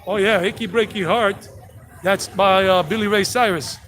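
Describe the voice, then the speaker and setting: A man's voice: high-pitched, steady tone, moderate pace, fairly bright tone, low-quality recording. A man in his fifties from South Carolina, telling brash, rambling stories while leading a walking tour outdoors. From South Carolina, USA. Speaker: tour guide vlogger. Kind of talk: casual walking-tour chat. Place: outdoors on a city street. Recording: street noise behind.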